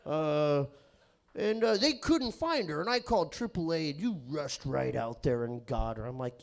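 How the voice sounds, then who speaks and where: A man doing a crude, rambling stand-up set on a comedy club stage, sometimes bursting into shouting. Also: fairly high pitch, lively intonation, normal speed, gravelly. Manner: crude, rambling, self-interrupting.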